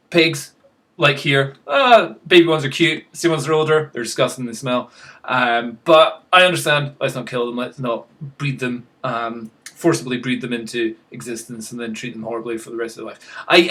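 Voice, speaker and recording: A man's voice: mid-range voice, a bit bright. A man chatting casually to camera in a rambling, self-mocking way, chuckling at himself. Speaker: vlogger.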